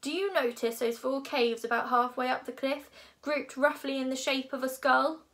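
A woman voicing a huge, loud male Viking drill instructor who barks orders, as a storybook reading. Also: sits high, fairly even intonation, moderate pace. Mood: bellowing. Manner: bellowing, commanding.

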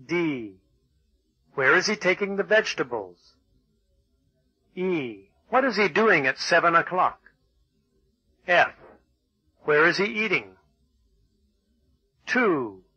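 A man reading English textbook exercises and passages in a measured, announcing way. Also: sits high, animated, bright, forceful tone, slightly rough, no echo, highs cut off. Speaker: textbook audio reader. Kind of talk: scripted textbook narration.

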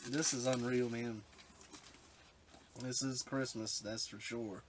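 A man's voice: mid-range voice, steady tone, slow. A man unboxing retro games for his vlog, overwhelmed and choked up, often trailing off mid-sentence. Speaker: retro game collector vlogger. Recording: background hiss with clicks.

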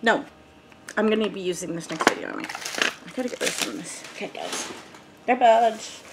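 A woman's voice: mid-range voice, brisk, very noisy. Chatty woman rambling through an unboxing. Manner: rambling, thinks aloud, many ums. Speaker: beauty vlogger. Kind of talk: casual unboxing chat.

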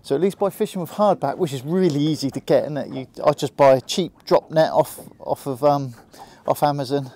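A man's voice: on the high side, a little fast, few pauses, dark tone. Chatty Hampshire man fishing from a boat. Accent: Hampshire English. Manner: chatty and easygoing, talks to the fish and the viewer. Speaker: angler vlogger. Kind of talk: casual running commentary while fishing. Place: small boat out at sea.

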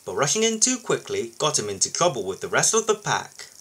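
A man reading a children's picture book aloud for his video channel, expressive and lively. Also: mid-range voice, a little fast, breathy edge, poor audio. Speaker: YouTube storybook reader.

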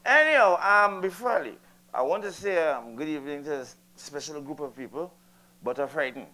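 Casting: high-voiced older Trinidadian man, stand-up comic, chats and ribs the crowd. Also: animated, brisk, pushed and bright. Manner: chatty, teasing the audience. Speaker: stand-up comedian. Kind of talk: stand-up comedy routine. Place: live comedy venue.

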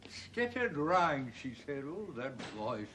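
An actor playing a gossipy elderly gentleman with a fussy, mannered way of speaking. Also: fairly high pitch, big pitch swings, slow pace, a little hiss or hum, full character voice.

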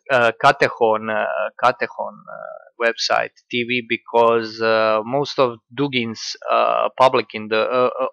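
A man giving casual political commentary in a halting, sardonic way, full of fillers. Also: mid-range voice, a bit bright, dry recording.

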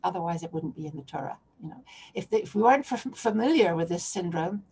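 A woman's voice: on the low side, lively intonation, fast, a little mellow, slight background noise. A woman lecturing on a biblical text to a remote audience, often restarting and posing questions as she searches for words.

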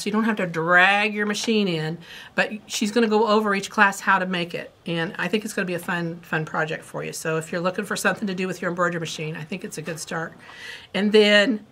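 A woman's voice: on the low side, steady tone, brisk, bright, forceful tone. Chatty woman hosting a quilt shop video. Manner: chatty, rambling, playful asides. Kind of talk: casual product chat.

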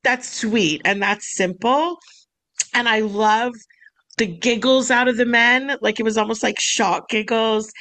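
A woman co-hosting a podcast in a casual, laughing, animated way. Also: fairly high pitch, unhurried, low-quality recording. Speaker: podcast co-host.

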